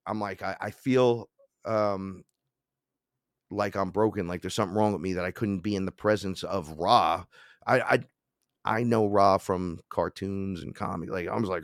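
A middle-aged man, a podcast guest, telling an animated personal story and acting out the voices of the people in it. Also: moderate pace, no echo, clean studio sound. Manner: acts out quoted voices, jumps in pitch and loudness.

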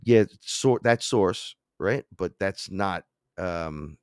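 A middle-aged man with a low voice tells a sprawling personal story as a podcast guest. He throws himself into the quoted voices, jumping up in pitch and loudness to act them out. The sound is dry and close to the mic. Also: slow, smooth, no echo. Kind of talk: animated storytelling.

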